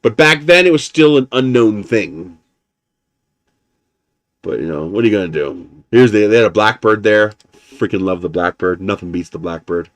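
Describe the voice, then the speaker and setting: A man's voice: lowish voice, expressive, moderate pace, no echo. A man live streaming, chatting casually and telling rambling stories, swearing now and then and chuckling often. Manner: chuckles often while talking. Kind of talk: casual chat.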